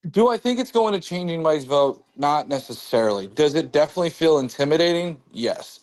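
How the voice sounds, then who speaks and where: A man hosting a casual political chat, talking in an animated way and jumping up in pitch when he jokes. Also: a little fast. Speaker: host.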